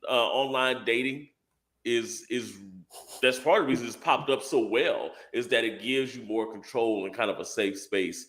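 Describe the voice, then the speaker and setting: A man's voice: medium pitch, normal speed. A man co-hosting a live chat show, joking and repeating himself as he talks. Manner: animated, joking, repeats words. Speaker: co-host.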